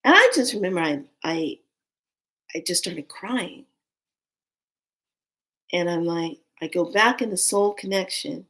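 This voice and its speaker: A woman telling an emotional personal story, earnest and intense, sometimes dropping to a hushed whisper and sometimes rising in anger. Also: on the low side, expressive, measured pace, pauses often. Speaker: storyteller recounting a loss.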